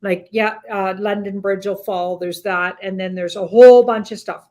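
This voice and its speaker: Female tarot reader, casual live-show talk, rambling delivery, average pitch. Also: fairly even intonation, normal speed, darkish tone. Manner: rambling, hedging with "like". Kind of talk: casual tarot reading chat.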